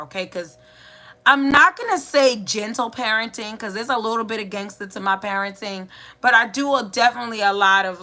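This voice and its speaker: A woman in her thirties hosting a podcast, telling family stories in a casual, animated way and acting out the voices of her relatives. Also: mid-range voice. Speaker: podcast host. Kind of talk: casual storytelling monologue.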